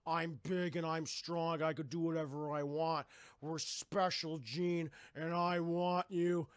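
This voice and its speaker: A man putting on a huge, possessive teen boy bully from a cartoon, talking slowly and bluntly. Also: on the high side, little pitch movement, smooth, no room sound, clean studio sound.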